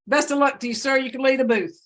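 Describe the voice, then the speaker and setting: A woman judge runs through pre-trial cases briskly. Her voice sits a little high, and her manner is businesslike with the odd joke. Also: a bit bright. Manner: brisk, businesslike, joking asides. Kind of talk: court hearing proceedings.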